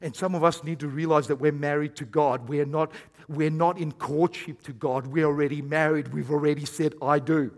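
A man preaching a sermon as pastor, swinging between hushed, intimate lines and loud, emphatic bursts. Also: fairly high pitch, fairly even intonation, normal speed, few pauses. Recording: long hall reverb.

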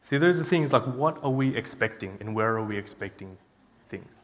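A man's voice: medium pitch, expressive, moderate pace. A young man giving an informal sermon, chatty and self-deprecating, telling a story with lots of fillers and restarts. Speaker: guest preacher. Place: church hall. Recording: long hall reverb.

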